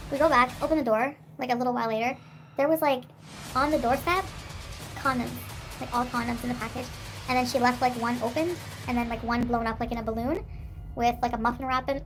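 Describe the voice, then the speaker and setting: A young woman livestreaming, rambling in casual chat with lots of "like" and swearing. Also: high voice.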